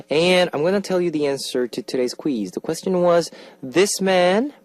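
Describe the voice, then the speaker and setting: A male radio DJ hosting a music request show, reading listener messages aloud in a playful, animated way. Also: a little high, dry recording. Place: radio studio. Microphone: studio microphone.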